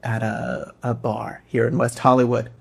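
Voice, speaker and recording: A young man from the States chats on his comedy podcast with a gravelly, fry-edged voice. He talks in a dry, theatrical way and makes fun of himself. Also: mid-range voice, little pitch movement, measured pace. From United States. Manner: dry, theatrical, self-mocking. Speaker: podcast co-host. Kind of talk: casual comedic chat.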